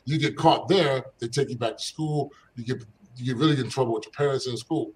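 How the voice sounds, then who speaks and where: An older Philadelphia man, once a basketball player, tells casual stories from his youth as an interview guest at medium pitch and a slightly fast pace. He laughs often and acts out quoted voices with animation. The recording is low quality with a little hiss or hum.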